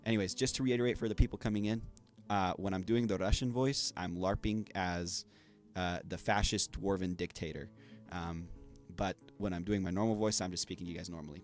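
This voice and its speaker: A man streaming a game who speaks plainly to his viewers in quick, offhand asides. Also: sits low, fairly even intonation, soft background music. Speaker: gameplay streamer. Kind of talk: casual gameplay commentary.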